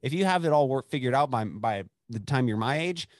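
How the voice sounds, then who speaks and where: A man's voice: medium pitch, animated, brisk, no echo, clean studio sound. A man in his twenties from West Texas, rambling and swearing freely in casual chat, laughing often. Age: 20s.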